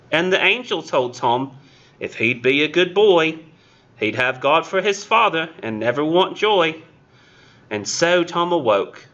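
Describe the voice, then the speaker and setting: A man's voice: on the high side, bright, forceful tone, muffled recording. A man reading a poem aloud in a put-on British accent as a tiny young boy chimney sweep, in a sing-song nursery-rhyme lilt that drifts toward Australian. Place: classroom.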